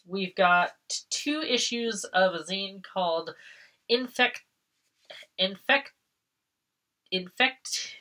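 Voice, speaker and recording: A woman who vlogs from Massachusetts narrates an unboxing in a casual, excitable way, laughing frequently and cursing when she gets into a rant. Her voice is on the low side.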